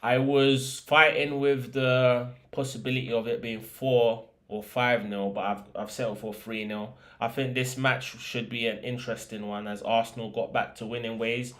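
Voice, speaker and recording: Chatty lad talking football. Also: male voice, mid-range voice, flat delivery, normal speed, few pauses, fairly bright tone. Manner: chatty, slangy, with fillers and restarts. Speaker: football podcast host. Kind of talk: casual football chat and predictions.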